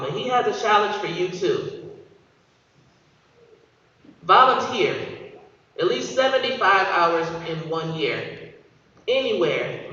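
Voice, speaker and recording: A woman in her thirties from Michigan, with a low-pitched but fairly bright voice, gives a graduation speech as a guest speaker in a large hall, telling a story and calling out to the audience. The sound is dull and echoey, picked up from far away in the hall.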